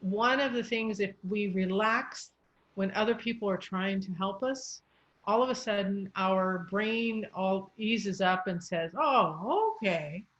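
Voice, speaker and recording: A woman's voice: mid-range voice, slow, fairly bright tone, muffled recording. A woman speech coach explaining English pronunciation in an encouraging, patient way. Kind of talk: coaching session.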